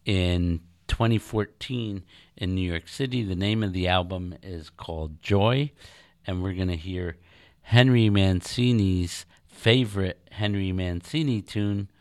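A man's voice: low voice, a little slow, a little mellow, smooth, no room sound, clean studio sound. An older man hosting a jazz radio show, talking casually and hesitantly with many ums and uhs.

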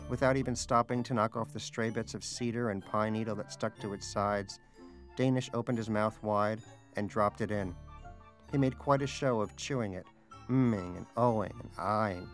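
A man narrating a storybook aloud with a dry, wry delivery. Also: on the low side. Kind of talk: storybook reading.

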